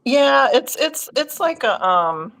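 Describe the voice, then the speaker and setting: A woman's voice: high voice, big pitch swings, takes it slowly, vocal fry, a bit bright, low-quality recording. A middle-aged woman from Missouri, a giggly, chatty guest on a casual livestream.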